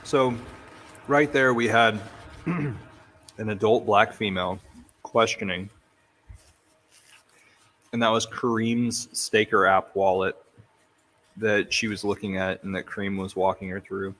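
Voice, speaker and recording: A man giving casual commentary on video clips, halting and thinking aloud with frequent restarts. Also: fairly low pitch, fairly even intonation, fairly bright tone. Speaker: crypto commentator.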